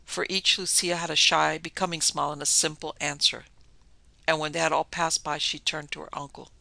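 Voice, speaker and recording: A man narrating a classic horror story in a measured, dramatic storytelling manner. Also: a little high, little pitch movement, creaky, sharp tone, no echo. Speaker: podcast narrator.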